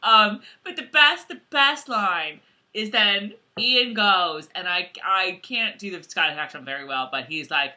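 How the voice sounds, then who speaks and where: A woman co-hosting a casual show recap, animated and laughing often. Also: mid-range voice, measured pace. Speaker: podcast co-host.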